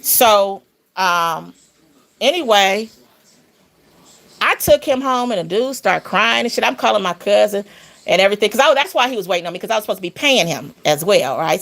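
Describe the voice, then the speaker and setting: Woman w a bit of vocal fry just rambling thru a story, AAVE, gets animated on the big parts. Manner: animated, rambling, rising pitch on emphasis. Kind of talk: casual storytelling.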